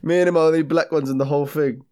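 A young man, a podcast co-host chiming in with quick banter during casual chat. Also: fairly high pitch, fairly even intonation, mellow.

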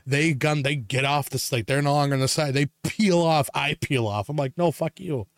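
A man's voice: mid-range voice, normal speed, no room sound. Guy from wisconsin ranting and swearing about drivers, dry close sound. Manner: profane ranting storyteller. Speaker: podcast co-host. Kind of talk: casual chat.

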